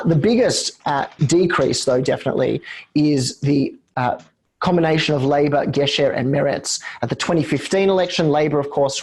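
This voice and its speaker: A man with a croaky voice from a cold, hosting a webinar and explaining results with many "uh" fillers. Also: fairly high pitch, darkish tone. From Australia. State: hoarse from a cold. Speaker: host and executive director.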